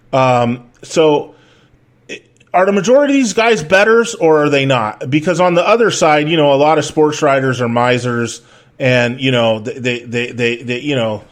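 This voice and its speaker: A man hosting a casual chat, telling stories in a rambling, profane way with many restarts and fillers. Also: mid-range voice. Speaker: podcast host.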